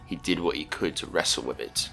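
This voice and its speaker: A man reading an audiobook story as narrator, steady and earnest. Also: rumbling low, a little fast, creaky. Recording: narration over music.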